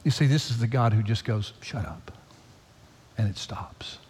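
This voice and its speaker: A man preaching a sermon as pastor, swinging from loud, high pleading to hushed near-whispers. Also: a little fast, a little hiss or hum. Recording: long hall reverb.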